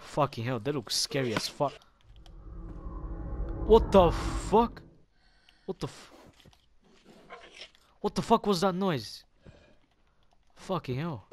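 A man giving casual gameplay commentary as a gaming YouTuber, excitable and swearing often as he reacts aloud to what he sees. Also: fairly high pitch, a little slow, pauses often, slight background noise. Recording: game music clearly behind the voice.

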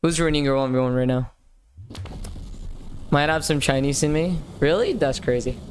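Chatty young man streaming, slightly high voice. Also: moderate pace, slight background noise. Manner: chatty, upbeat, slangy, often repeats himself. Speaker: livestream gaming host. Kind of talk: casual live-stream chat reading viewer messages.

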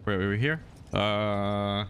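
A man's voice: on the low side, takes it slowly, a bit bright, a little hiss or hum. A man streaming a shooter game, chatting loosely with his viewers in casual commentary. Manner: chatty, loose, talks to chat as "dude" and "brother". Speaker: livestreamer playing a shooter. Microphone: streaming mic through an audio mixer.

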